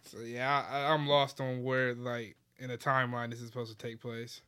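A man in a casual group chat who sounds animated and incredulous as he picks apart a movie. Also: mid-range voice, normal speed, smooth.

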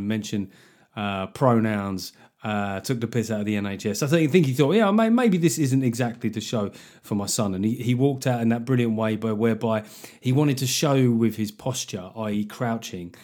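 A man's voice: on the low side, darkish tone. Sardonic, swearing British man. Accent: British English. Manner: chatty, sardonic, swears freely. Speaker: podcast host. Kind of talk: casual comedic monologue.

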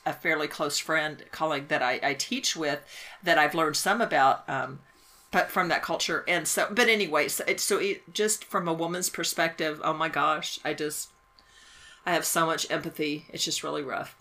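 A woman who teaches, talking casually about a film in a halting, emphatic way with many restarts. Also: low voice, bright, forceful tone. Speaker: teacher and podcast co-host.

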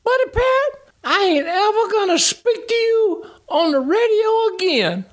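Whiny race driver on the team radio, high and squawking, grumbling and prickly, as a man puts him on. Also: very animated, measured pace, full character voice. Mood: whining.

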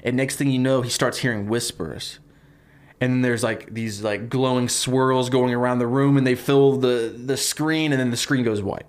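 Guy rambling through a movie pitch on a podcast, lots of ums, laughs a bunch, mid voice. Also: normal speed. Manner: rambling, laughing, many fillers. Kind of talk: casual chat.

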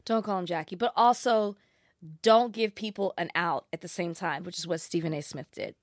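A woman's voice: on the low side, normal speed, no room sound, clean studio sound. A woman co-hosting a casual chat, mostly agreeing in brief replies. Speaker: podcast co-host.

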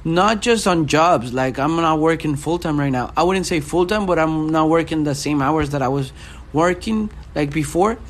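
A man's voice: a little high, moderate pace. A young man in a casual chat, rambling and searching for words as he talks.

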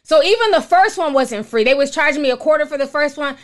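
A woman from Minnesota hosting a live stream, telling stories in casual chat and reading viewer messages, animated and exclaiming, calling listeners honey. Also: sits high, fast talker.

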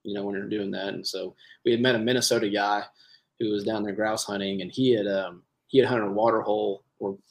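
A man's voice: on the low side, steady tone, a little fast. A man, a guest chatting easily about hunting trips. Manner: easygoing, agreeable, chuckles often. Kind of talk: casual hunting chat.

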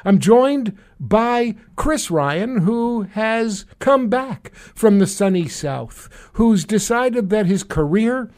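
A man from New York with a New York accent, hosting a casual radio talk show in a halting way. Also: high voice, expressive, darkish tone. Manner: halting, full of restarts and fillers. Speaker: radio host.

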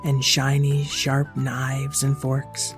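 A storyteller narrating a scripted children's story in a playful, expressive way. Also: medium pitch, slow, faint music behind.

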